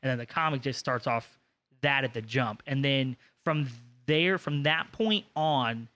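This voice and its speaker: A man chats casually on a comedy podcast. He retells a story loosely, stumbling over his words and restarting his sentences, in a voice of ordinary pitch. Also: unhurried, bright, forceful tone, muffled recording. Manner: rambling retelling with restarts and fillers. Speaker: podcast co-host. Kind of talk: casual chat.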